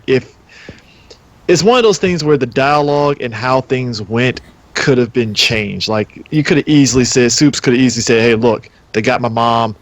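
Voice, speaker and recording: A man's voice: mid-range voice, no room sound. A man arguing in a casual movie debate, rambling with restarts and acting out quoted lines. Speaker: debate panelist.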